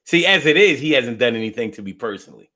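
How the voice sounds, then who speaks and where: A fast-talking man hosts a casual live stream, reading viewer comments aloud. His responses are playful, profane, and animated, swinging between loud outbursts and low mutters.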